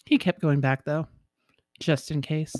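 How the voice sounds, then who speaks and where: A woman host telling a folktale in a lively, expressive reading voice, with occasional chuckles. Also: sits low, a little slow, no room sound, studio quality. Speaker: storyteller.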